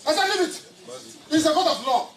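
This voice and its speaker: A man's voice: very high-pitched, expressive, a little fast, a bit bright. A man speaking in a courtroom in a heated protest, repeating his demands insistently. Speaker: defendant addressing a court. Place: crowded courtroom. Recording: echoey room, mic far off, crowd noise.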